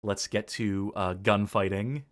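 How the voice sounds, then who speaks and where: A man's voice: lowish voice, fairly even intonation, measured pace. Male host for casual game-stream talk: rambling and self-correcting, with frequent chuckles. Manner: chuckles often.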